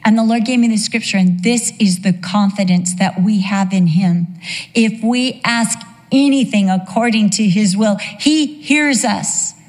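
A woman's voice: medium pitch, a little slow, darkish tone. Middle-aged woman telling a sermon story. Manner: emotional, emphatic personal storytelling. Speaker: preacher. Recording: long hall reverb.

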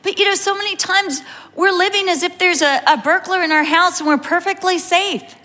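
A middle-aged woman preaching a sermon, telling a personal story with lively acted-out quotes. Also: very high-pitched, moderate pace. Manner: animated storytelling, acting out quotes. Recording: reverberant hall.

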